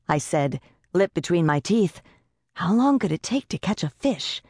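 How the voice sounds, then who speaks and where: A woman narrating an audiobook in the first person, measured and tense, on a close studio mic. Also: on the low side, sing-song, darkish tone, no echo.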